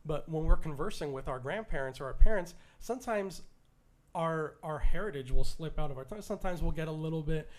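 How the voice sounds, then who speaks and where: A man's voice: a little high, brisk. A Canadian man co-hosting a podcast, chatting casually and enthusiastically, often stumbling and restarting his sentences. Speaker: podcast co-host.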